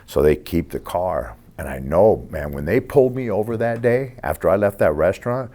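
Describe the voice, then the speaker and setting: A man's voice: deep voice, lively intonation, normal speed, dark tone. A man in his sixties telling street stories in a casual, profane way as an interview guest, acting out the people in them. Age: 60s. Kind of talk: casual storytelling.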